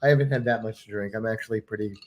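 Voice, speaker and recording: A man's voice: on the low side, fairly even intonation, racing, noisy background. Jokey man chatting on a livestream. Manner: jokey, slips into playful put-on accents; frequent laughter, repeats others' words. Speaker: livestream co-host. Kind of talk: casual chat on a birthday livestream.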